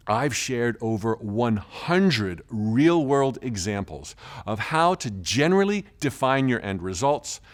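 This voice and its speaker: A man telling stories in a self-help course, animated and enthusiastic. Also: medium pitch. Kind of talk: storytelling course talk.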